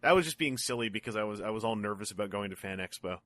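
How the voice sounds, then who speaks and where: A man with a bright, forceful voice chats as a guest on a podcast. He talks in a jokey, self-deprecating way and rambles from one thought to the next. The sound is dry and close. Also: fairly low pitch, expressive, racing, dry recording. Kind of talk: casual chat.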